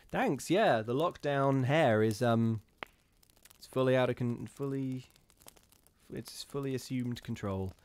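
A man hosting a live stream, reading ghost stories and chatting casually in a giggly, rambling, animated way. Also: mid-range voice, unhurried, long pauses.

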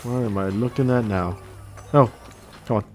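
A man's voice: mid-range voice, normal speed, faint music behind. A man giving crude, chatty commentary while playing a game. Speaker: gameplay commentator. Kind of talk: casual let's-play commentary.

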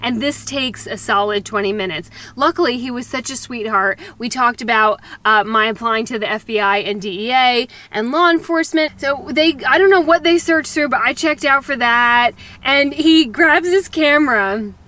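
A woman's voice: on the high side, normal speed, few pauses, sharp tone. A woman travel vlogger telling a story in a casual, self-mocking way, laughing often and acting out the people she quotes. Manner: quotes people in acted voices.

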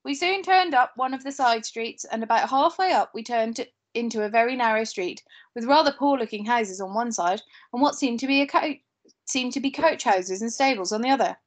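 Her voice a touch high, a teacher works through a novel for her class at a calm, even pace. Small slips get fixed as they happen, and occasional asides break up the steady reading.

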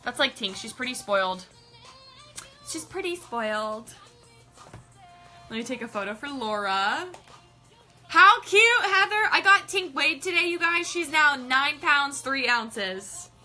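A woman chats on a live stream in a high, very bright voice, bubbly and gushing as she greets viewers by name. Faint music plays in the background. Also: expressive, measured pace, pauses often. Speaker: livestream host. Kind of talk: casual live-stream chat.

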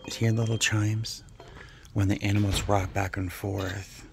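A man vlogging while he browses antique and vintage shops, gushing and musing aloud, sometimes dropping to a soft near-whisper. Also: on the low side, flat delivery, measured pace, creaky, music in the background. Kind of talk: casual vlog narration while shopping.

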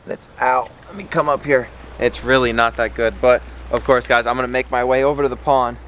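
Outdoors by a pond, a male fishing vlogger talks fairly quickly and excitably while filming a casual vlog, with slight background noise. He's in pain from a cut on his hand, and he coos at his fish in a high baby voice.

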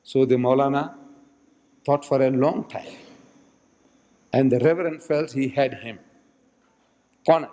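A man's voice: medium pitch, fairly even intonation, unhurried, long pauses, dark tone. A man giving a religious lecture as a dramatic storyteller in a mosque, acting out the speakers he quotes. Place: mosque hall. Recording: echoey hall archive recording.

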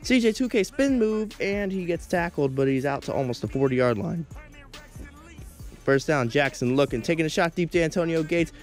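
A man's voice: a little high, expressive, normal speed. A teenage boy doing play-by-play commentary over his football video game, often tripping over his words and apologizing. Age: teens. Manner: stumbles over words, self-deprecating asides. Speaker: gameplay commentator. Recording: game music in background.

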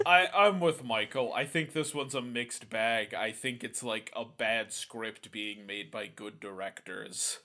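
A man hosts a casual podcast and talks at an unhurried pace. He hesitates, leans on fillers and corrects himself as he goes. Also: lowish voice. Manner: relaxed, hesitant, many fillers, self-correcting. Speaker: podcast host. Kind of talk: casual chat.

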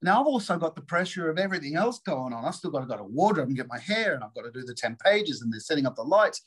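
Husky man, raised pitch, animated storyteller, acts out quotes in casual interview talk. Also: fast talker, low-quality recording. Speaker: actor guest.

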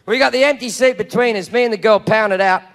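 Crude, shouty Australian comedian. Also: male voice, sits high, a little fast, vocal fry. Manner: crude, swearing, shouty storytelling. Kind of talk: stand-up comedy. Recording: live show with loud crowd noise.

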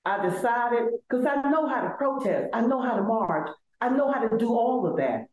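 Older Southern woman guest, emphatic and animated, echoey room. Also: a little high, normal speed, muffled recording. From Selma, Alabama. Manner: emphatic, animated, repeats words as she builds. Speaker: law school administrator, guest. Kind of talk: conversational interview.

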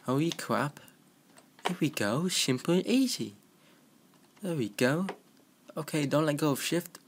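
Excitable young man gaming. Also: fairly high pitch, measured pace, long pauses, slight background noise. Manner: excitable, joking self-talk. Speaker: gaming commentator. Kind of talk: casual gameplay commentary. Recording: home recording with keyboard clicking.

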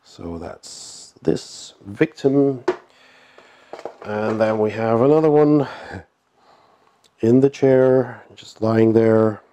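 A man with a lowish, nasal voice from a cold speaks extremely slowly, pausing often, as he unboxes a board game. He stays relaxed and casual, chuckling and using many fillers.

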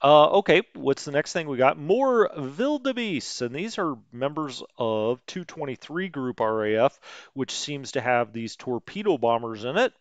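A man's voice: mid-range voice, sing-song, a little slow, few pauses, dry recording, dull audio. A man casually commentating a strategy game stream, chatting with viewers and cracking light jokes. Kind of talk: casual let's play commentary.

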